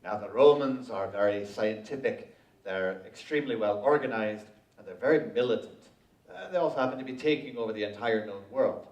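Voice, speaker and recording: A man's voice: fairly low pitch, fairly quick, darkish tone, recorded from a distance. A man performing Celtic folk music who tells jokes and storytelling between songs, speaking to a live audience with dry humor. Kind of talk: live show banter and storytelling. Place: public library event room. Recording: echoey room from off-mic, dull.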